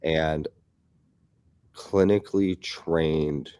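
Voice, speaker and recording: Very deep nasal man with a head cold. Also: steady tone, extremely slow, darkish tone, clean tone. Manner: wry, self-deprecating. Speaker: podcast guest, neuroscientist. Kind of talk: casual chat. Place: basement of an office building.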